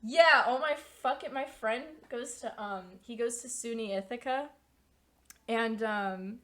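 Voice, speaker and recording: A woman's voice: on the high side, a little slow. A woman in her twenties chatting casually on a stream, rambling through stories and swearing freely. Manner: rambling, swearing, animated storytelling. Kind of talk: casual chat.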